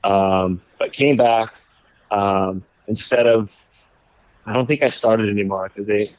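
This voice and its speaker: A man, a former baseball pitcher, casually telling a rambling story in conversation, laughing now and then. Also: fairly even intonation, measured pace, no echo, dull audio. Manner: laid-back, rambling, laughs while telling stories.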